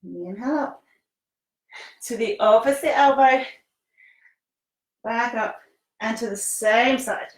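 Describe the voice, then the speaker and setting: A yoga teacher leads a live-streamed class, cueing breaths and poses while exercising herself and sounding a little out of breath. Her fairly high voice is slow with long pauses; she's encouraging, laughs often and uses casual British phrasing, heard from a mic's distance in an echoey room.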